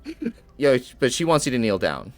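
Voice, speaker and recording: A man narrating a tabletop game as game master, relaxed and descriptive with casual fillers. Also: medium pitch, normal speed, soft background music.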